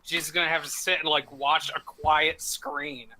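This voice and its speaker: A man with a very bright, fairly high voice riffs loosely during a live-stream. His talk is casual, profane and full of jokes and restarts. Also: flat delivery, unhurried, rough recording. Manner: profane, rambling and joking. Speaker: podcast co-host. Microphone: home microphone.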